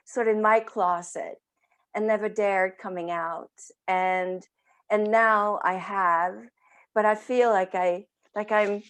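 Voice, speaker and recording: A woman from Sweden, an author, speaking candidly and searching for words on a video call panel. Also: medium pitch.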